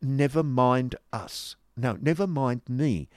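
A man's voice: lively intonation, a little fast, darkish tone, no echo, clean studio sound, close to an everyday voice. A man voicing a jealous, spiteful young woman who sneers and titters in an audiobook reading. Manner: shrill, sneering, giggly. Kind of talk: audiobook character voice.

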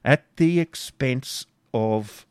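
A man's voice: mid-range voice, drawn-out words, a little mellow, clear, resonant tone, no room sound, studio quality, pitched above the performer's own voice. A man voicing a cruel, sarcastic medieval baron who speaks sternly and with contempt, read as a storybook figure. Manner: stern, mocking, commanding.

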